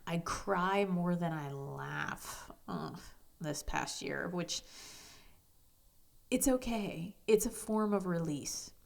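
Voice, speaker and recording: A woman hosting a personal podcast, talking candidly with frank, self-deprecating humor, casual swearing and soft asides. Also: lowish voice, slow pace, gravelly. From United States. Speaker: podcast host.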